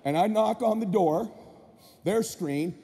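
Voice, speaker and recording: A man telling a story in a live motivational speech, with energetic and punchy delivery. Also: high voice, slow pace. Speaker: motivational speaker. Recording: echoey hall with faint noise.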